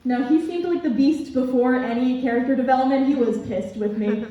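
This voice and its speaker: A young woman telling a stand-up story on a student club stage, with a high, mellow voice. She laughs at her own jokes and fills her pauses with ums. The recording is dull and heavily echoey, picked up from a distance. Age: young adult. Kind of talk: stand-up comedy set.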